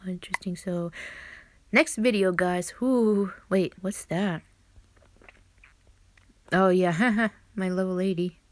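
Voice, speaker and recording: A woman's voice: on the low side, slow, long pauses. A young woman reading a game story aloud with giggly, chatty asides. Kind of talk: casual reading with commentary.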